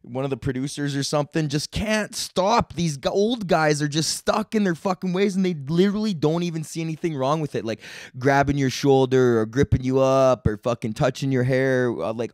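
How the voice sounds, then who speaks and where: A man's voice: a little high, moderate pace, a little mellow, dry recording, clean studio sound. A young man hosting his own comedy podcast, rambling in a laid-back, profane, slangy way. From Canada. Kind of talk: casual solo rant.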